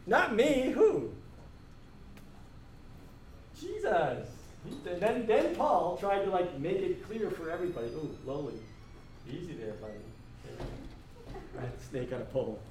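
Animated, joking male teacher in class. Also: a little high, normal speed, a little hiss or hum. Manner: animated, joking, laughs often. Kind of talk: classroom discussion. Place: school classroom.

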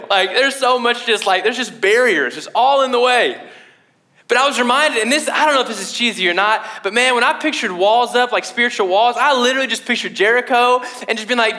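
A young man preaching a sermon in a casual, animated way, full of fillers. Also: very high voice, brisk. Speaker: pastor.

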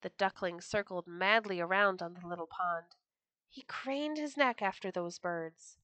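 Bright-voiced woman reading a children's story. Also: fairly low pitch, a little slow, no echo. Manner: expressive, gentle storytelling.

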